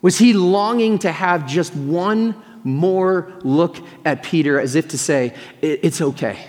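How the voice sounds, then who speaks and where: A pastor with a fairly high voice preaches at a measured pace, telling a story earnestly and imagining what people thought and said. The long reverb of a large hall surrounds him.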